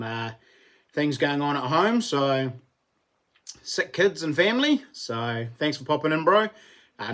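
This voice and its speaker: Chatty New Zealand man, higher voice. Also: fairly bright tone. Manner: chatty, thanks viewers by name, laughs often. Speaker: livestream host. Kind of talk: casual livestream chat.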